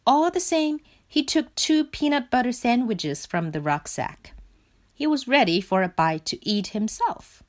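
A woman reading a children's picture book aloud in a slow, clear and expressive way. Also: a little high. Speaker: storybook reader.

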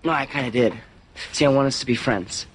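A man's voice: mid-range voice, fairly quick, breathy edge, natural voice. An actor playing an awkward young man in a TV drama, speaking in an earnest, pleading, wavering way. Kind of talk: TV drama acting.

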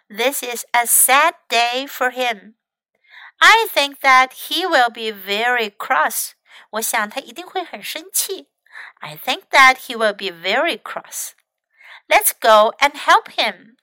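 A woman English teacher telling a children's story to learners, reading slowly and expressively and explaining lines in between. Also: fairly high pitch, dry recording, rough recording. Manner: slow, expressive read-aloud. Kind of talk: bilingual story lesson for learners.

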